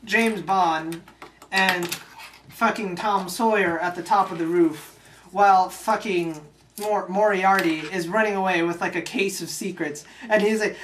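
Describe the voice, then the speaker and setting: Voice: mid-range voice, steady tone, unhurried, a bit bright, recorded from a distance. A young channel host rambles through a sweary, offhand movie recap. The delivery is loose and unpolished. It sounds picked up from a mic across the room, with a faint hiss. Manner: rambling, swearing, laughing often. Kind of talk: casual comedic movie recap.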